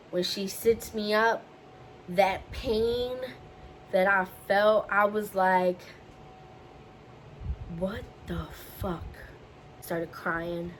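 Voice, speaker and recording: A woman's voice: medium pitch, slight background noise, poor audio. A young woman vlogger telling a personal story in a candid, casual way, slipping into the voices of the people she quotes. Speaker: beauty vlogger.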